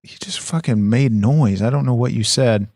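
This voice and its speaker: A man's voice: medium pitch, normal speed, darkish tone, no echo, studio quality. A man co-hosting a comedy podcast, brash, profane and exasperated. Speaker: podcast co-host.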